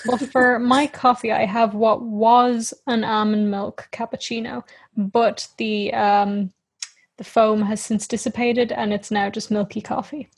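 Woman in her 20s, podcast co-host, husky voice, slightly high, laid back and giggly. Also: unhurried. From Ireland. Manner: laughs often, relaxed. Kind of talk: casual chat.

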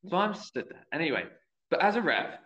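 A man's voice: a little high, sing-song, brisk, fairly bright tone. A young man, a youth football referee, telling a story in casual podcast chat and acting out the quoted voices. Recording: echoey room, dull lo-fi sound.

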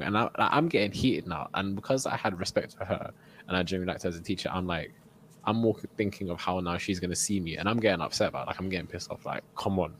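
A young man tells a long story and slips into the voices of the people in it, laughing as he goes. His voice sits very low, and a faint hum of room noise runs under it. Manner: animated storyteller, acts out quotes, laughs often. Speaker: podcast co-host. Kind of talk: casual storytelling chat.

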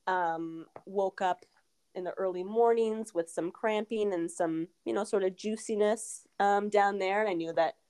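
A woman's voice: medium pitch, measured pace, darkish tone, clear, resonant tone. A woman in her thirties, a podcast guest telling a personal story in a candid, rambling way with many fillers. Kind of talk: casual interview storytelling.

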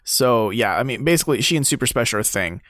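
A man with a mid-pitched, everyday voice recaps a game's story in a loose, chatty way. He is relaxed and uses plenty of fillers. The recording is dry and close. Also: no echo. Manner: relaxed, filler-heavy recaps, quick to laugh. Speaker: podcast co-host. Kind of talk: casual video game discussion.

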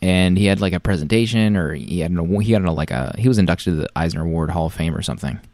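A man with a very deep voice tells rambling stories on a casual podcast, full of restarts. The sound is dry and close, with no room around it. He sounds like a man in his thirties. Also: very fast, darkish tone, dry recording. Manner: rambling storyteller, many restarts. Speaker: podcast co-host. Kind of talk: casual chat.

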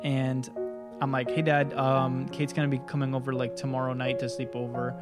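A man's voice: medium pitch, monotone, normal speed, loud music behind the voice. A young man co-hosting a podcast, telling a story in casual chat, laid-back, swearing often and acting out quoted lines. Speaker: podcast co-host.

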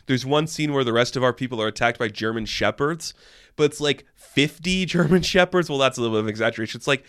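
A young man in a dry, close-miked room rambles through a movie recap, talking at a middle pitch. He gets excitable and incredulous as he goes and trips over his own sentences. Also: fast, clean tone, no echo. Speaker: movie reviewer.

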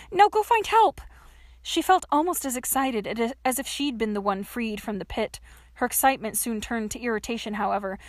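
Expressive woman audiobook narrator. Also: on the high side, no echo. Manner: expressive, dramatic storytelling. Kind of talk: scripted narration.

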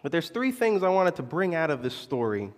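A young adult man and pastor telling a personal story in a sermon, animated, confessional and poking fun at himself. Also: on the high side, brisk. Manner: animated, confessional, self-mocking. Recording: long echo of a large hall.

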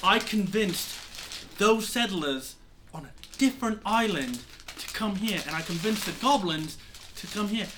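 A man's voice: high voice, lively intonation, measured pace, noisy background, pitched above the performer's own voice. A man voicing a bossy, impatient male pirate mentor who scolds bluntly in a tabletop game. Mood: exasperated. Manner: blunt, scolding, calls others brat and child.

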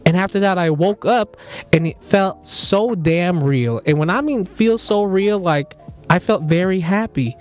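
A man's voice: sits high, measured pace, faint music behind. A young man hosting a podcast, animatedly telling a dream story with laughs, casual chat among friends. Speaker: podcast host.

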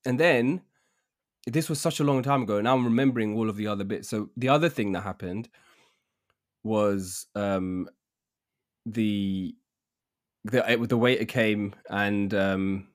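A young man, casually telling a dating story on a podcast, animated and laughing often. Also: fairly low pitch, a little slow, pauses often. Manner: animated, laughing often, says "bruv" a lot. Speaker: podcast co-host.

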